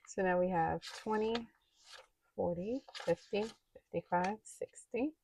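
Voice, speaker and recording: A woman's voice: lowish voice, takes it slowly, vocal fry, darkish tone, a little hiss or hum. A woman vlogger chatting casually while counting cash into budget envelopes aloud, sometimes dropping to a near-whisper.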